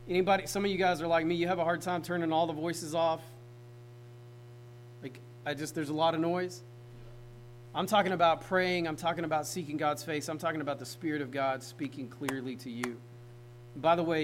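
Man, pastor, preaching a sermon, slightly high voice, chatty, faint hum behind. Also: poor audio. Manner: conversational, talks straight to the congregation.

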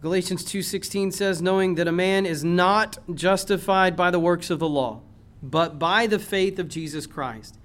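A man preaching a sermon in a church, impassioned, swinging from loud emphasis to low earnest tones. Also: normal speed. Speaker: pastor.

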